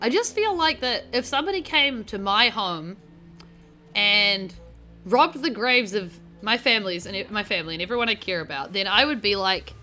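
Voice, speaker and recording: Young kiwi woman chatting thru a game stream, bright tense voice, sweary and rambly. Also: on the high side, animated, normal speed, faint music behind. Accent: New Zealand. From New Zealand. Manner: rambling, sweary, self-mocking. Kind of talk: casual let's-play commentary.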